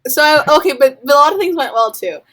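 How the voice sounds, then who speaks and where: A woman's voice: high voice, lively intonation, fast talker, sharp tone, rough recording. Young woman, college-age, from Florida; casual rambling storyteller, heavy "like" filler, plays out her own reactions. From Florida, USA. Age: young adult. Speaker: college student guest.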